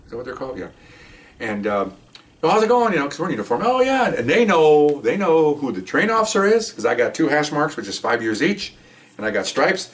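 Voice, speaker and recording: Very animated and brisk, a mid-range male voice comes from far from the mic. The speaker, a middle-aged retired police officer, rambles through a casual story, raising his voice to play the characters.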